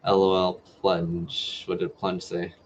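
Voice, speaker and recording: Monotone and slow, this low-voiced man is a New Mexico medical student in his twenties running a casual livestream Q&A. He chattily reads viewer comments aloud and answers them, over dull lo-fi livestream audio with slight background noise.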